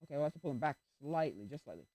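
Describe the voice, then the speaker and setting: Animated rambling male game streamer. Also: fairly high pitch, racing, no room sound. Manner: rambling, animated, interrupts himself to react to the game. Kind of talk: casual chat while playing.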